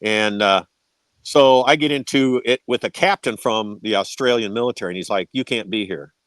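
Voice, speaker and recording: A man's voice: medium pitch, normal speed, fairly bright tone, smooth, no room sound. A man telling war stories as a podcast guest, swearing freely and tagging his sentences with "right?". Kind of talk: casual storytelling.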